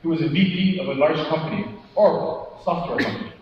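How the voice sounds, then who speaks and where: A man's voice: on the high side, fast talker. A male motivational speaker gives an interactive conference talk, quizzing the audience, tagging on "right?" and acting out anecdotes with quoted dialogue. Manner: engaging, keeps asking the audience questions and tagging "right?". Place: large conference hall. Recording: echoey hall from far off, dull sound.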